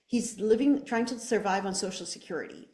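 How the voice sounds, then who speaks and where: A woman's voice: medium pitch, animated, brisk, dark tone. Passionate woman candidate in a roomy space. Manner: passionate, emphatic, rhetorical questions. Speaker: political candidate. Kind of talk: interview answer.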